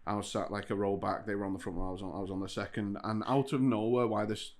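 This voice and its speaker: A man's voice: lowish voice, steady tone, fast talker. A man co-hosting a comedy podcast, chatting casually, swearing freely and laughing as he tells stories. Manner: sweary, storytelling, laughs easily. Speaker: podcast co-host. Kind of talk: casual chat.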